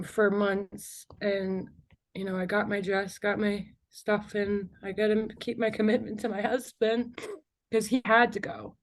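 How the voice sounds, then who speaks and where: A young woman guesting on an interview tells a personal story in a mid-range voice. Her speech is halting and full of "like" and "you know," with nervous laughs between emotional moments.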